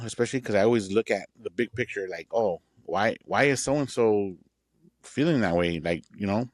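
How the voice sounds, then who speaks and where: A man co-hosting a podcast in casual chat, halting and repeating filler words like "like" and "bro.". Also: mid-range voice, no room sound, clean studio sound. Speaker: podcast co-host.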